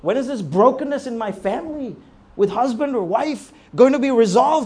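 A man preaching a sermon, rising to near-shouts and falling low, often asking the congregation rhetorical questions. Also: lively intonation, normal speed, slightly rough. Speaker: pastor.

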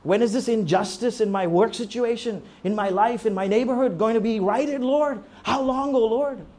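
A man preaching a sermon, rising to near-shouts and falling low, often asking the congregation rhetorical questions. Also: normal speed. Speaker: pastor.

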